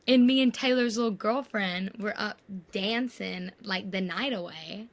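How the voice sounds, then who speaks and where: A woman's voice: mid-range voice, measured pace, hardly any pauses. A woman, co-hosting a podcast over a video call, telling stories and mimicking the people in them. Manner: storytelling, mimics others' voices. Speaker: podcast co-host. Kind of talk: casual chat.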